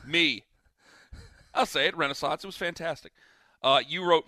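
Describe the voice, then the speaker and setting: A married man co-hosts a casual podcast and rambles through a story, acting out quotes along the way. His voice is very bright and a little high. The sound is dry and close, with no room in it. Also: moderate pace, long pauses, no room sound. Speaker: podcast co-host. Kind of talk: casual banter.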